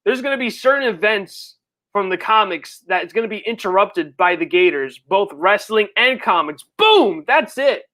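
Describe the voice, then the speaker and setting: A streamer chatting casually on a live birthday stream, reading viewer messages and rambling in slang, with sudden high, excited outbursts. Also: normal speed. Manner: rambling, slangy, full of fillers. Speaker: livestreamer and comic creator.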